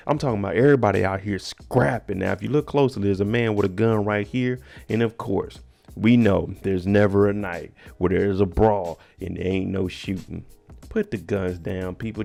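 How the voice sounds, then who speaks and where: Male recap vlogger with a gravelly, fry-heavy voice, casual and joking, addressing viewers directly. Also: on the low side, a little mellow. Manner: slangy, joking, talks straight to viewers. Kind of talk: casual show recap commentary.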